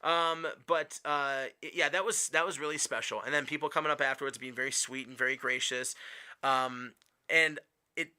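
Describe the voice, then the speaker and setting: A man's voice: mid-range voice, fairly even intonation, normal speed, pushed and bright, clear, resonant tone. A man from Wisconsin, a stand-up comedian, telling stories in casual chat, rambling with many fillers and restarts and acting out what people said. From Wisconsin, USA.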